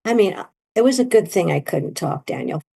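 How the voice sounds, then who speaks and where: A middle-aged woman telling her story in an interview, animated and leaping into high quoted voices. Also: normal speed, creaky, breathy edge. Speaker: guest, near-death experiencer.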